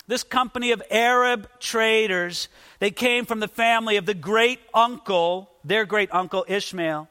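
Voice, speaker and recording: A man's voice: high-pitched, a little slow, sharp tone, smooth, big-room sound. A man preaching a sermon, dramatically acting out Bible figures as he tells the story. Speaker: pastor.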